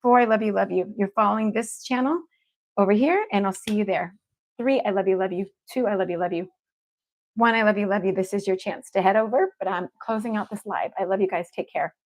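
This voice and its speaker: A woman hosts a livestream as an evidential medium, chatting casually to her viewers. She is upbeat and effusive and keeps telling them she loves them. Her voice sits in an everyday middle pitch. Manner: effusive and upbeat, repeats affection to the audience.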